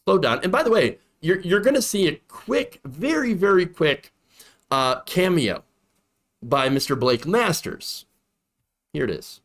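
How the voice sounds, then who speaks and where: A man's voice: a little high, sing-song, measured pace, fairly bright tone. A man hosting a political commentary show, talking emphatically and repeating points for effect.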